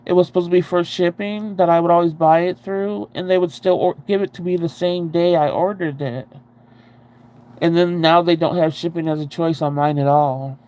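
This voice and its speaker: A woman's voice: lowish voice, fairly even intonation, normal speed, mellow. A woman hosting a casual livestream, rambling and chatty as she answers viewer comments and swears freely. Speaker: livestream host.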